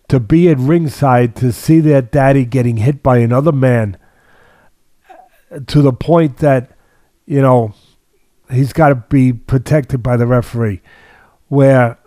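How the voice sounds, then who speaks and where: An older man talks boxing on a podcast, heavy on repetition and emphasis. His voice is dark and mellow, and it sounds close and dry, with no room around it. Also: medium pitch, dry recording. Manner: repetitive, emphatic, restarts sentences. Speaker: boxing trainer and podcast host. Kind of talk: casual sports talk.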